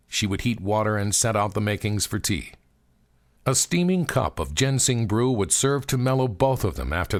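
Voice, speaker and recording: A man narrating an audiobook in a measured, expressive storytelling manner. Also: lowish voice.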